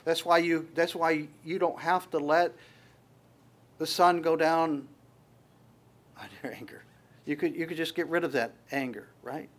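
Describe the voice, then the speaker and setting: A man's voice: fairly high pitch, fairly even intonation, measured pace, pauses often. A man preaching a sermon as pastor, conversational and emphatic, often restarting his phrases.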